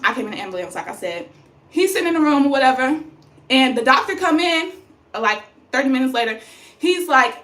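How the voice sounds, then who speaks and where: A young adult woman vlogging, telling a personal story in a casual, animated way and acting out the voices of people in it. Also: high-pitched. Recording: echoey room.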